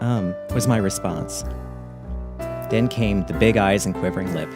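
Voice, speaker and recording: A middle-aged man telling a memoir story in a wry, catty, deadpan way. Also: medium pitch, normal speed, music in the background.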